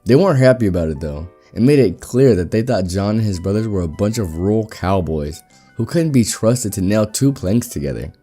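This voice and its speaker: A man narrating a reddit story aloud in a brisk storytelling manner. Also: on the low side, animated, dark tone, faint music behind. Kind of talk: reading reddit stories aloud.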